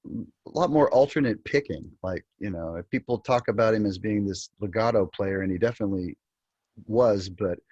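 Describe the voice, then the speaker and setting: A man with a slightly low, husky voice hosting a casual talk show. He strings out long, loose questions. The sound is dull and lo-fi with no room echo. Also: moderate pace, a little mellow. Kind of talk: casual interview chat. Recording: dull, dry low-fidelity audio.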